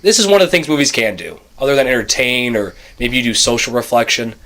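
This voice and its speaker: A man's voice: medium pitch, expressive, a bit bright. A young man co-hosting a podcast in casual chat, talking at length and restarting his sentences often. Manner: talkative, quick restarts, explains at length. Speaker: podcast co-host.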